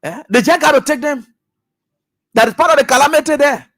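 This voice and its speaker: A man with a Liberian English accent hosts a radio talk show, giving brisk, emphatic, repetitive commentary in a preacher-like style. His delivery swings between loud shouts and low mutters.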